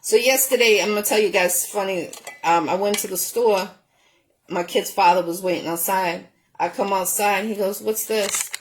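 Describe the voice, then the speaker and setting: A woman's voice: mid-range voice, steady tone, normal speed, slight background noise, poor audio. A woman hosting a home cooking show, chatting in a rambling way with lots of ums while she cooks. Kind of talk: casual chat while cooking. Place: home kitchen.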